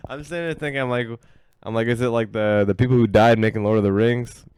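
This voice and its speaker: A man's voice: mid-range voice, fast, darkish tone, smooth, dry recording, studio quality. A man co-hosting a podcast, joking in a laid-back, hesitant casual chat. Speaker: podcast co-host.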